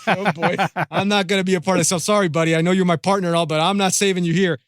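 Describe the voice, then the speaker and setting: A man quoting his sheepish male radio co-host, a former ballplayer, in a quick, mumbled aside. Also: high voice, steady tone, clean tone, no echo, clean studio sound, natural voice.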